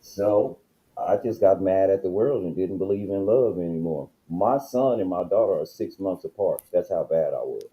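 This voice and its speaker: A man's voice: low-pitched, expressive, moderate pace, dull audio. A man talking directly about his own past in a casual livestream chat, using himself as the example. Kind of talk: casual personal storytelling. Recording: echoey room.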